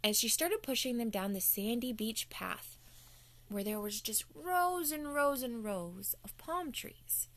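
A woman's voice: on the high side, animated, measured pace, a bit bright. A woman telling a playful bedtime story to children as the show's host.

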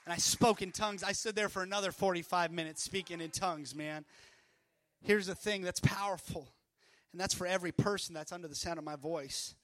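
A man from Canada preaching a sermon at a church service, impassioned, moving between loud declarations and hushed storytelling. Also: sits high, fairly quick.

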